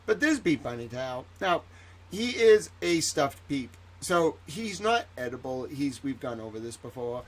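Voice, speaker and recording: Guy rambling on his livestream, jokey, middle pitch, gets loud then goes quiet. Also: big pitch swings, a little slow. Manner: rambling, jokey, swings between loud and soft. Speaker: livestream host. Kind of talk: casual livestream chat.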